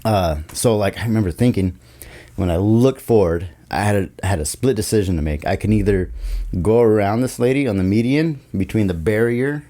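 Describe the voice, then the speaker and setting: A man with a somewhat low voice speaks as a guest on a studio podcast mic. He tells his story in loose, casual chat, animated and full of swearing. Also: brisk.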